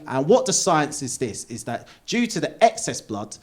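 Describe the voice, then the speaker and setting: This English comedian, in his thirties, speaks at a moderate pace with a slightly high voice. Performing stand-up to a live theatre audience, he animates a personal story by voicing the doctor and himself.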